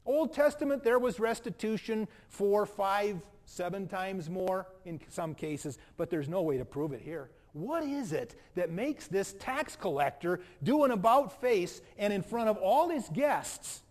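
High-voiced man preaching a sermon. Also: a little slow, few pauses. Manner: animated preaching, acts out quotes. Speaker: pastor.

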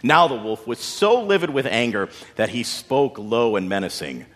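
A man narrating a story in a dramatic, expressive way with folksy asides. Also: medium pitch, moderate pace. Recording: long hall reverb.

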